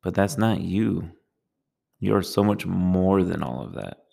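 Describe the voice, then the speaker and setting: A man giving a calm, measured talk on meditation, speaking in a slow and soothing way. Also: low voice, creaky. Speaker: meditation teacher.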